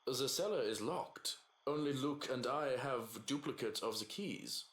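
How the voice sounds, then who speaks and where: A woman voicing a stoic, formal older male head butler with a German accent, speaking politely and in measured tones. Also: very deep voice, lively intonation, reverberant, pitched below the performer's own voice. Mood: formal calm.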